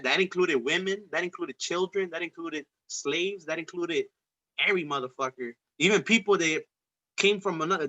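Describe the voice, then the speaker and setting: Male podcast host, raised-pitch bright voice, loose profane streetwise delivery; dull lo-fi recording. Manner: rambling, profane, streetwise slang. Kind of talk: casual political debate chat.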